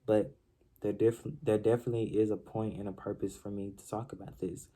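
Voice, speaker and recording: A young man speaks earnestly about his own life, circling back to the same phrases and stumbling over his restarts. His voice sits low and dark, with a flat, even delivery. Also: brisk, a little hiss or hum. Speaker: series host telling his life story. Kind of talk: personal confessional monologue.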